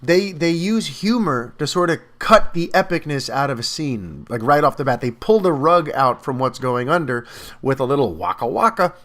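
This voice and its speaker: A man giving a casual spoken film review, animated and talkative, with lots of fillers and restarts. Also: on the high side, normal speed.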